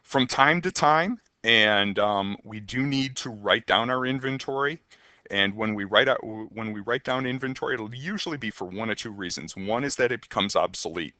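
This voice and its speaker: A man's voice: on the low side, normal speed, pushed and bright, no echo. A man teaching accounting in a conversational recorded lecture, with frequent ums and rhetorical questions to the students. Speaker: accounting instructor.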